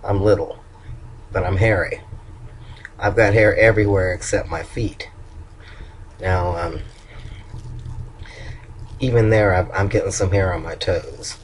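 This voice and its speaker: Low-voiced older man, chatty video diary. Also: a little slow, pauses often, slight background noise, low-quality recording. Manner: chatty, candid and upbeat. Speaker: vlogger.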